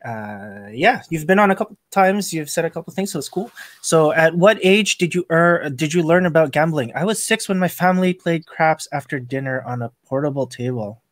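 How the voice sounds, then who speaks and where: A man hosting a casual podcast, telling work stories with lively acted-out quotes. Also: on the high side, normal speed, few pauses, no room sound. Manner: animated storyteller acting out quoted lines. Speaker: podcast host, casino dealer.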